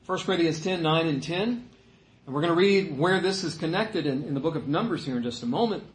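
A man preaching a sermon in a conversational way, with joking asides and animated emphasis. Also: on the high side, brisk. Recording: echoey room.

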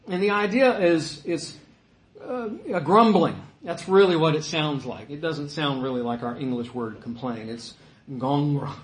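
A man preaching a sermon in a conversational way, with joking asides and animated emphasis. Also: fairly high pitch. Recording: echoey room.

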